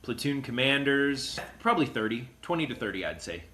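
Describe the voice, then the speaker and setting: A man's voice: mid-range voice, big pitch swings, a little fast, pushed and bright. A man in his thirties from Idaho, a guest in a casual interview, giving brief, thinking-aloud answers. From Idaho, USA.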